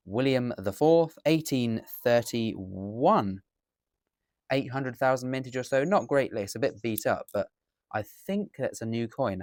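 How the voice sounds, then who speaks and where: A man's voice: medium pitch, a little mellow, dry recording, clean studio sound. An English man chatting through a coin unboxing as a dealer, rambling and correcting himself as he goes. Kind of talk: casual unboxing commentary. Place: indoors at a table.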